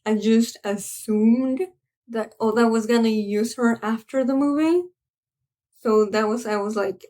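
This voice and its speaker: Woman reviewer, higher-pitched, unhurried delivery, earnest and halting, searching for words. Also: warm tone. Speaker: anime reviewer. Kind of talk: casual spoken film review.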